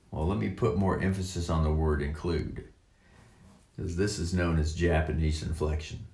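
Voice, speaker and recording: Slow, deep-voiced man rambling on. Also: roomy sound. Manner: slow, halting, with drawn-out words and many fillers. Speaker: online commentator. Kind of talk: rambling monologue reading and commenting on a text.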